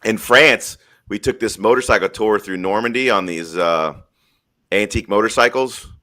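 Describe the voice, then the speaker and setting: A man's voice: lowish voice, moderate pace, pushed and bright. A man hosting a live stream in casual chat, rambling through stories in a blunt, profane way.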